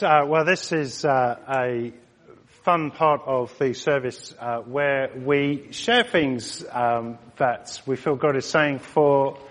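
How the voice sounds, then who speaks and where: Male minister leading a service, mid pitch, relaxed halting delivery, long hall reverb. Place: church hall.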